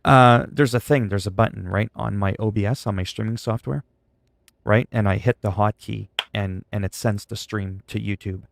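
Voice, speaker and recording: Male streamer, low gravelly voice, dry close mic, frustrated ranting chat. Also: steady tone, moderate pace, dry recording. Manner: frustrated, venting, sarcastic. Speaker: livestreamer.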